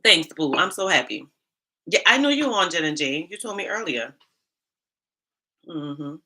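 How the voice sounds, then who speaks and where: A woman from Charleston, South Carolina, with a Gullah Geechee accent hosts a casual HR livestream, chatting directly to her viewers and the chat. Her lowish, sharp-toned voice has lively intonation and a moderate pace with long pauses.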